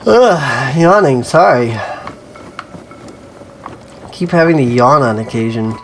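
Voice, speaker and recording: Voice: medium pitch, expressive, slow, a little hiss or hum. A let's play host giving casual, chatty gameplay commentary, self-amused, breaking into sudden yelps at mishaps.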